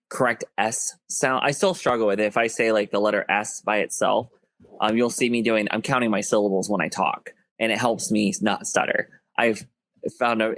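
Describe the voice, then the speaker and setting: A man with a nasal voice and a Southern US twang, talking candidly and quickly with an effeminate lilt as a podcast co-host. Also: fairly low pitch, fairly even intonation, fairly bright tone, no echo. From US, Ohio and Florida. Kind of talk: casual chat.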